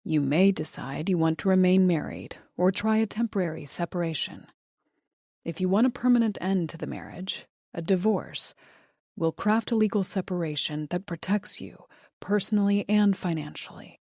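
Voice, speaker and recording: A woman voicing a courteous male divorce lawyer who speaks slowly, gently and reassuringly. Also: on the low side, animated, creaky, dry recording, clean studio sound.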